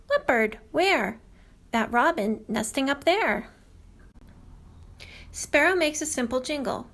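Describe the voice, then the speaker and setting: A woman's voice: high voice, lively intonation, slow, long pauses, a bit bright. A woman reading a picture book aloud for a library story time, imitating bird calls as she goes.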